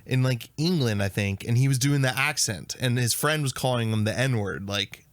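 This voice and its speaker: A man's voice: mid-range voice, moderate pace, dry recording. A man co-hosting a podcast, chatting casually with lots of filler words. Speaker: podcast co-host. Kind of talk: casual chat.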